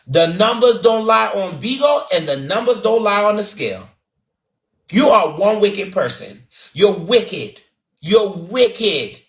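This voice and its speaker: Sassy high-voiced Barbadian man. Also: fairly bright tone. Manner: sassy, dramatic, repetitive. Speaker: online commentator. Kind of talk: roasting commentary. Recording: roomy echo.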